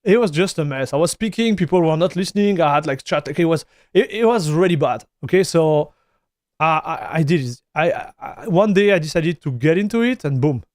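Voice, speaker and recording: A man's voice: a little high, lively intonation, brisk, a little mellow, dry recording, studio quality. A man with a French accent, a native French speaker, chatting casually on a live stream, answering viewers and calling them dude and broski. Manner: chatty, reads viewer messages aloud, calls people dude and broski.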